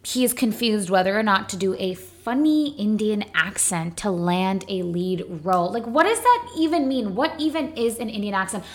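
A young adult woman co-hosts a casual podcast discussion, speaking emphatically and asking rhetorical questions. Her mid-range voice has lively intonation, a moderate pace, and few pauses.

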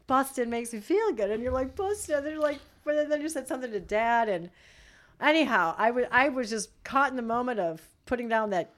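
A middle-aged woman with a somewhat high voice tells a family story in lively, animated fashion, breaking into laughter often. She co-hosts a relaxed family chat. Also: fairly quick. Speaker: co-host, mother.

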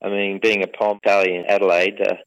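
Low-voiced Australian businessman on radio. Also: fast, smooth, muffled recording. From England. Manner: relaxed, rambling, many fillers. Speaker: football club owner and mining businessman. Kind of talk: conversational interview.

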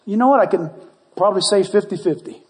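A man preaching a sermon as pastor, animated and conversational with jokes. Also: high-pitched, fast. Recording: long church hall reverb.

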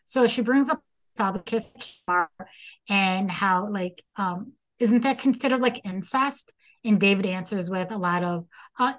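Brief: casual woman host, mid-pitched, lively retelling with put-on voices for quotes. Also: measured pace, poor audio. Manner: acts out quotes with dramatic voices. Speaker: podcast host retelling a case. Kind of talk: casual storytelling chat.

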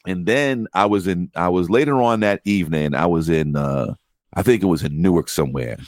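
A man telling rideshare driver stories in casual podcast chat, profane and animated, acting out the voices of people he quotes. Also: low-pitched, fairly quick, no room sound, clean studio sound.

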